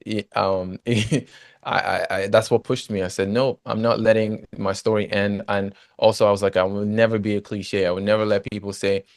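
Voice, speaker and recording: A man with a fairly low voice tells his story in a relaxed interview, animated and leaning on "you know" between phrases. He was recorded close and dry, with no room sound behind him. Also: normal speed, vocal fry, no room sound. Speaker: guest, former footballer turned agent.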